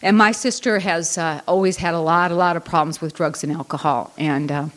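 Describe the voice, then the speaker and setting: A woman's voice: fairly low pitch, steady tone, a little fast, fairly bright tone. A middle-aged woman telling a long, rambling personal story at an Al-Anon meeting, full of fillers and restarts. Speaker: Al-Anon speaker. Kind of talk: personal recovery talk.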